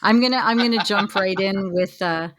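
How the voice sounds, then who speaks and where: A woman's voice: mid-range voice, normal speed, noisy background. A middle-aged woman co-hosting a podcast, chatting casually and animatedly. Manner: animated, laughs, mimics voices in anecdotes. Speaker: podcast co-host. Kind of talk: casual chat.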